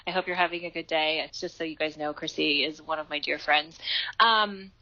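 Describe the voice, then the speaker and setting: A woman speaks earnestly as a podcast guest, her voice bright and fairly low-pitched. She shares heartfelt advice, and the recording is dull and lo-fi. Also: fairly even intonation, fairly quick. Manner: heartfelt, earnest, many fillers like "you know". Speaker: interview guest, life coach. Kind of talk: podcast interview, reflective advice.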